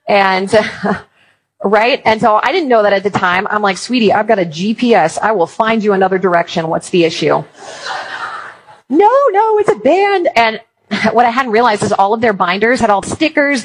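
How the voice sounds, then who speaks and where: Husky woman telling faith stories. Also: mid-range voice, low-quality recording. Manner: chatty storytelling with playful asides. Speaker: speaker on Christian parenting. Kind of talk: talk to an audience on faith and parenting.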